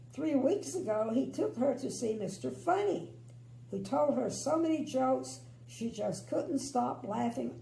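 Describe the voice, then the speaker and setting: Older grandma storyteller: slow and lively, with a gravelly, mellow voice, recorded in an echoey room with a faint hum. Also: female voice, high-pitched. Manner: expressive, chatty, opinionated asides. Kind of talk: bedtime story reading with asides.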